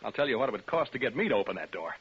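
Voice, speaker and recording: An actor in a 1940s radio play, playing a radio DJ alone in a haunted house who rambles and hums to himself. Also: male voice, medium pitch, big pitch swings, very fast, slight background noise. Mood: nervous joking. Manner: rambling, jittery, talks to himself and hums a tune. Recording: muffled 1940s radio recording.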